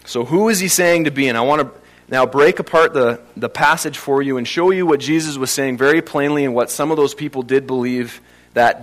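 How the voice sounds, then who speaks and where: A man preaching a sermon, stressing key phrases and slowing down to drive points home. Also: medium pitch, fairly bright tone. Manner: emphatic, varies pace for stress, slows on key phrases.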